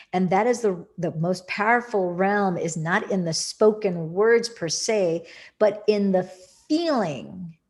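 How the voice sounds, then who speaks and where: A woman meditation teacher guiding a meditation and speaking about spirituality, with slow, soothing, drawn-out phrasing and earnest emphasis. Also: mid-range voice, darkish tone. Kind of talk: guided meditation and spiritual talk.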